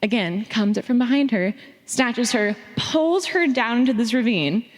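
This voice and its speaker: A young woman from Phoenix tells a family story on a theater stage, animated and profane, acting out the lines she quotes. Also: a little high, normal speed. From Phoenix, Arizona. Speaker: audience member sharing a story on stage. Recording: long theater reverb.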